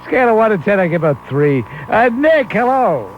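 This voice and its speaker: A man's voice: sits high, very animated, normal speed, slight background noise. A man hosting a call-in talk radio show, blunt and dismissive as he scores callers. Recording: 1991 AM radio broadcast, muffled.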